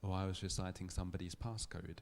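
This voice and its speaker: A man giving a public lecture, telling a story in a thoughtful, measured way with small restarts. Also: low voice, fairly even intonation, vocal fry, a little mellow. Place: lecture hall.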